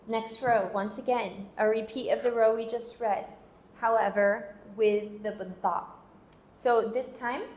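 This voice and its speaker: A woman teaching a phonics lesson, patiently leading repeat-after-me drills and loudly over-enunciating each syllable. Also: fairly high pitch. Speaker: language teacher. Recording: roomy echo.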